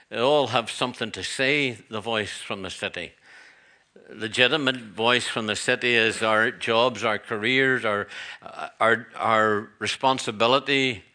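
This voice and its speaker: Forceful pastor preaching. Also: male voice, mid-range voice. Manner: earnest preaching with asides and rhetorical repeats. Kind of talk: sermon. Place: church.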